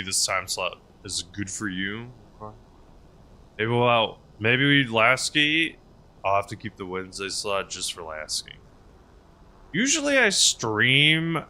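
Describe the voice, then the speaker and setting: A man's voice: fairly low pitch, bright, forceful tone. A male streamer in casual live-stream chat, rambling and answering his chat's messages as he plays.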